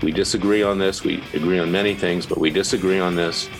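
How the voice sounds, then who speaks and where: Deep-voiced combative male radio host. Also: steady tone, fast talker, music in the background, low-quality recording. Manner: combative, emphatic. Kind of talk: opinionated talk radio monologue.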